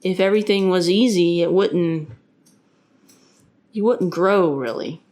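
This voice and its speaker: A podcast host and parent of a little boy speaks unhurriedly about faith, her voice on the lower side with a dark tint. Her earnest, casual delivery rambles, broken by frequent restarts and filler words.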